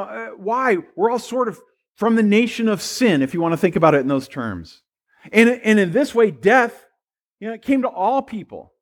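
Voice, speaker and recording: A man with a notably high speaking voice preaches to his congregation. He is middle-aged and talks in a relaxed, conversational way. He wanders into asides and restarts his phrases as he goes. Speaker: pastor. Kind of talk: sermon.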